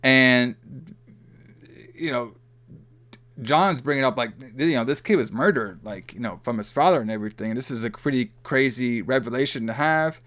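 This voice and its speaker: Speaking at a normal speed in a medium, somewhat bright voice, a male podcast co-host gives a loose, rambling movie recap. Fillers like "like" and "you know" crop up constantly.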